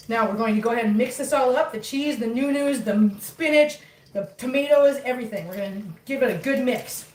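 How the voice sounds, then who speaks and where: A woman's voice: fairly high pitch, brisk, a little mellow, distant mic, slight background noise. Chatty woman cooking in an echoey kitchen. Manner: chatty, flustered, talks to viewers and her cats. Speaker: cooking vlogger. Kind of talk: casual cooking chat to viewers. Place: home kitchen.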